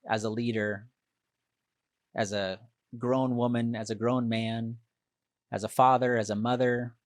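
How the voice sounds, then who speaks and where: A man hosting a motivational leadership podcast, talking alone to listeners and acting out the inner voice with sudden loud outbursts. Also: medium pitch, no echo, studio quality. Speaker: podcast host. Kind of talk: motivational solo podcast talk.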